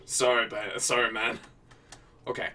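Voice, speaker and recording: A man's voice: mid-range voice, level tone, measured pace, sharp tone, recorded from a distance. A man hosting a casual prompt show, rambling and correcting himself as he talks, with frequent swearing. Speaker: host. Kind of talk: casual improv prompt chat.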